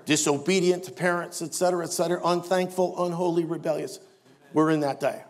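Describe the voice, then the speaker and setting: A man's voice: fairly high pitch, fairly even intonation, a little fast. An older man preaching a sermon as pastor, emphatic with wry asides.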